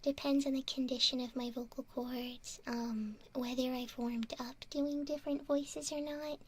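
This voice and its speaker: A woman ASMR streamer talking softly with viewers in a gentle whisper, giggly and warm with thanks. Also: high voice, fairly even intonation, unhurried, a little hiss or hum. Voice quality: soft whispering.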